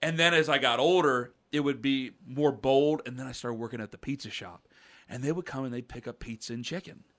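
Bright-voiced rambling man telling stories. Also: medium pitch, brisk. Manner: rambling, animated storyteller with mocking quoted voices. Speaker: podcast co-host. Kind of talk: casual storytelling chat.

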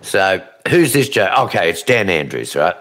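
A man's voice: low-pitched, big pitch swings, normal speed, a bit bright. A man telling crude jokes on a radio show, acting out the characters in them. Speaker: radio co-host. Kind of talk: casual radio banter and joke telling.

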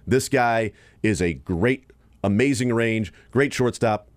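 A man's voice: mid-range voice, slow, dry recording. A man hosting a sports radio show, talking baseball in a loose, rambling way with many fillers. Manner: rambling, thinking aloud with fillers.

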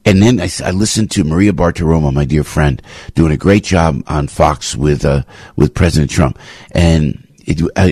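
A man's voice: breathy edge, no echo. An older man, hosting talk radio in a fired-up, rambling opinion monologue. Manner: fired-up, rambling, swings from low to loud. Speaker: radio talk show host.

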